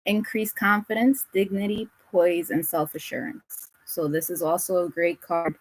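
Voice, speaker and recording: A woman's voice: fairly low pitch, fairly even intonation, normal speed, poor audio. A woman giving a casual tarot reading, blunt and full of swearing, and she laughs often. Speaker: tarot reader.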